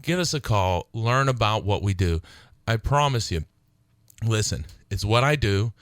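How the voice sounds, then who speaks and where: A middle-aged man hosting his own radio talk show, speaking earnestly and growing excited as he urges listeners to call. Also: on the low side, measured pace, no echo. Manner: earnest, excitable, laughs between phrases. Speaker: attorney and radio show host.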